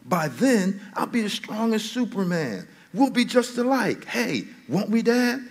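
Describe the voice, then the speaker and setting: Man voicing a four-year-old boy, adoring and eager, pitched up high. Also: big pitch swings, unhurried, breathy edge, exaggerated voice. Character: cheerful little boy, about four.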